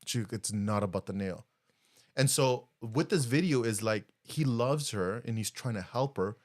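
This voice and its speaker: In a casual podcast chat, this co-host speaks at medium pitch and moderate speed. Telling a story with animation, he voices the quotes himself.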